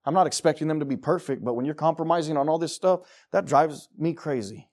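A man preaching a sermon to his congregation in church, swinging from loud declarations to quiet, low asides. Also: fast. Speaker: pastor.

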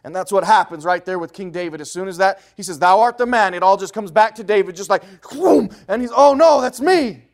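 High-voiced man preaching a lively sermon. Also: fast, few pauses. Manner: lively storytelling preaching, swinging from loud highs to hushed lows.

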